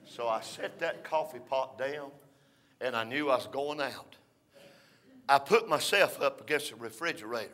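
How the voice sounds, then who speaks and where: An older man with an expressive, mid-range voice preaches a folksy storytelling sermon. He rises to shouts between drawn-out "uh" phrases.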